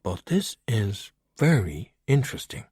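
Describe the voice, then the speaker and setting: A man voicing a calm, witty skeleton detective in an audiobook, speaking in a measured, wry and unhurried way. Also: lowish voice, breathy edge, no echo, full character voice. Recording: dry close audiobook recording.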